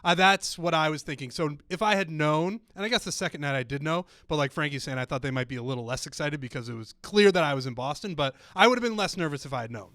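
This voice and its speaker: A man's voice: on the high side, quick pace, hardly any pauses, a bit bright, no room sound, studio quality. Earnest young man from Iowa. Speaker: podcast co-host. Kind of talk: casual chat.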